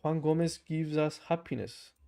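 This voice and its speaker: A young man with a German accent talks to his camera in a casual livestream, slightly high voice. He reads comments, says bro constantly, laughs easily and drills phrases over and over. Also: normal speed, vocal fry, warm tone, smooth. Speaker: language learner livestreaming. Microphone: camera mic.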